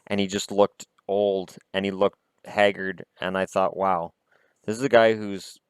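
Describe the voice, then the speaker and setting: Deep-voiced sarcastic Canadian man. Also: little pitch movement, a little slow, clear, resonant tone, no room sound. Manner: sarcastic, adds snide asides to what he reads. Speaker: hockey vlog host. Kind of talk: casual commentary reading from an old yearbook.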